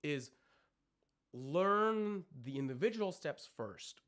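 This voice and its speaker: A man giving a live-streamed vocal lesson, explaining technique in detail and breaking into sung notes and screamed demonstrations. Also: on the high side. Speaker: vocal coach.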